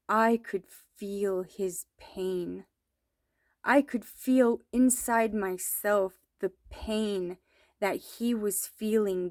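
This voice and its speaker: A mother slowly and earnestly recounting a troubling dream, with hesitant pauses. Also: medium pitch, a little mellow, no room sound, clean studio sound. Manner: slow, earnest, hesitant storytelling. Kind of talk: personal testimony.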